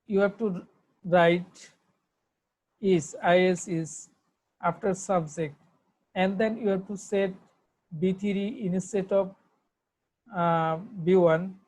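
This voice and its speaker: A woman's voice: mid-range voice, steady tone, takes it slowly, long pauses, darkish tone, low-quality recording. A woman with a Bangladeshi accent, giving an online English grammar lesson, who repeats herself and spells words out letter by letter. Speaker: English teacher.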